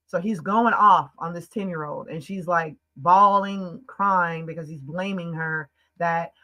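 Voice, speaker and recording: A woman from the United States recounts a personal story on a podcast. Her voice is bright and forceful, with casual, emphatic, run-on phrasing full of "like" fillers. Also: on the low side, fairly even intonation, poor audio. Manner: emphatic, fast-flowing, frequent "like" fillers. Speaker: podcast guest.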